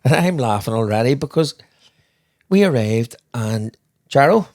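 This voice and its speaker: A man's voice: mid-range voice, lively intonation, unhurried, a little mellow. Laughing older man. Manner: rambling anecdotes with frequent laughter and restarts. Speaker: podcast co-host. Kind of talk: casual storytelling chat.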